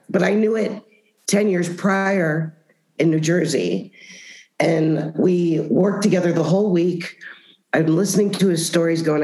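A woman telling a story in a casual interview, animated and often laughing. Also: deep voice. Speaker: comedian guest. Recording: roomy echo.

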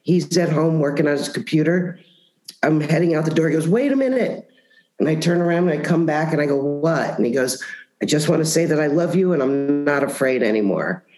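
Animated, laughing woman in a roomy space. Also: low-pitched, brisk, faint music behind. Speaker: comedian guest. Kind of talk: casual storytelling interview. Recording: roomy echo.

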